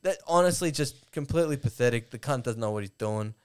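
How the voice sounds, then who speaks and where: An Australian man in casual sports chat, sweary and animated, often mimicking people. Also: mid-range voice, fairly quick, clear, resonant tone.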